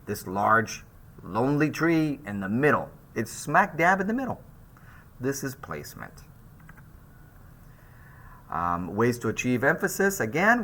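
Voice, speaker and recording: A man giving a slide lecture on art, and his voice is bright with a forceful edge. He talks in a loose, conversational way, full of fillers and restarts. His pitch rises and falls freely. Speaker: art instructor.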